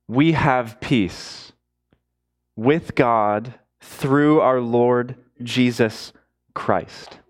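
A man preaching a sermon, emphatic, rising high on key words and dropping low and quiet between them.

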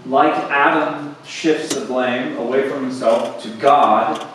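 Slow-preaching man in an echoey hall. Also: medium pitch, steady tone, a little hiss or hum. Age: young adult to middle-aged, father of boys. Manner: slow, rising to emphatic peaks then dropping quiet. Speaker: pastor. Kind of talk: sermon. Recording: echoey hall, speaker far from mic.

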